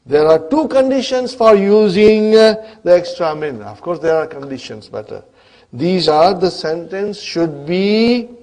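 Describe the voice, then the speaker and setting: A man's voice: high-pitched, a little mellow. A man teaching an Arabic grammar class, often checking in with the students and answering his own questions. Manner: keeps checking in with the class, asking "huh?" and "are you with me?"; asks the students questions and then answers them himself. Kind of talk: classroom lecture.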